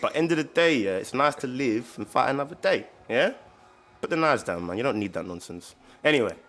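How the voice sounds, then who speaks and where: A man's voice: mid-range voice, expressive, brisk, a bit bright. A man who works as a personal trainer, talking casually as a podcast guest in a laid-back, slang-heavy, emphatic way. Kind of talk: casual chat.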